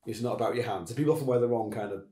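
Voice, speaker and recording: A man's voice: medium pitch, very fast, dark tone, roomy sound. A man hosting a casual chat, rambling and restarting his sentences. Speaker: podcast host.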